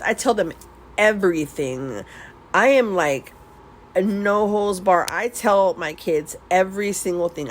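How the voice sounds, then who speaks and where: A middle-aged beauty vlogger swatches nail products while chatting candidly and confessionally with her viewers, rambling, restarting often, and laughing between thoughts. Her medium-pitched voice is expressive at normal speed, but the audio is poor with a little hiss or hum.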